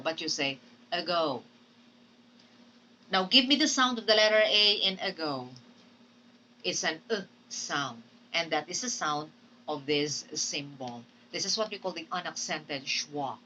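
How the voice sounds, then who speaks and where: A woman's voice: fairly low pitch, bright, forceful tone, distant mic, slight background noise, poor audio. A Filipino woman teaching English phonetics in a recorded lecture, drilling example words and often checking in with "Okay?". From Philippines.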